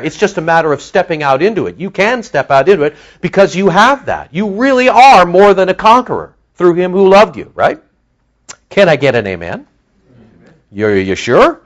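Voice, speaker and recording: A man preaching a sermon, teaching with rhetorical questions to his congregation. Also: on the high side.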